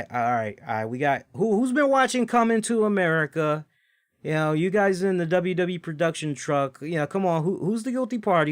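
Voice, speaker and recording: Male wrestling host, slightly high voice, dry close sound, chatty rambling delivery. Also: smooth, dry recording. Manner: rambling, animated, lots of fillers and asides. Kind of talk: casual solo review.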